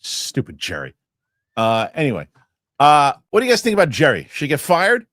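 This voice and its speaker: A man's voice: fairly high pitch, quick pace, dry recording, studio quality. A man co-hosting a casual film podcast, telling stories with lots of swearing. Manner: animated storyteller, swears freely. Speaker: podcast co-host.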